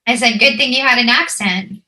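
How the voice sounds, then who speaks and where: A woman's voice: a little high, brisk, sharp tone. A woman interviewing a guest in a casual chat, agreeable and giving frequent short replies.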